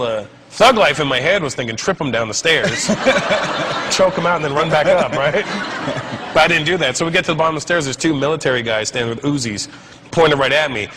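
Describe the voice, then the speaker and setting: A stand-up comedian telling a comic story in an animated way and acting out the other people in it. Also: male voice, fairly high pitch, background noise.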